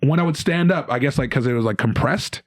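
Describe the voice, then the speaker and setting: Young Canadian comic guest, lively storyteller, dry close studio sound. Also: male voice, mid-range voice, quick pace, no echo. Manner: animated storyteller with many restarts. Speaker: guest comedian. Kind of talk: casual storytelling.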